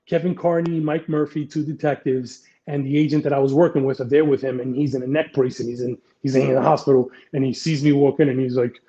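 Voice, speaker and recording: A man's voice: a little high, warm tone, muffled recording. A middle-aged man, a retired police detective, telling blunt, profane anecdotes in a casual interview.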